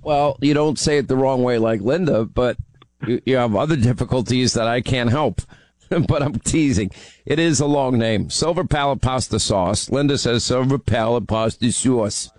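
A male radio host in a dry studio, fielding calls in a joking way. His voice sits at a middle pitch. He makes his political points with building urgency. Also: normal speed, a little mellow, dry recording. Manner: teasing, then emphatic and urgent. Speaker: radio talk show host. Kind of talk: talk radio call-in.

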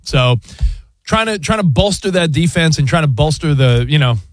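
Lively high-voiced man on sports radio. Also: moderate pace, no room sound. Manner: excitable, teasing. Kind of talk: casual sports radio banter. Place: radio studio. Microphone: studio mic.

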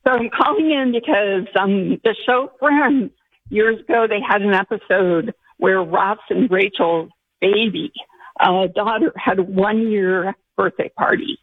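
A woman's voice: mid-range voice, measured pace, husky, no room sound. Giggly woman calling over a phone line. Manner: giggly, excited. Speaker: radio caller. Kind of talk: phone call to a radio show.

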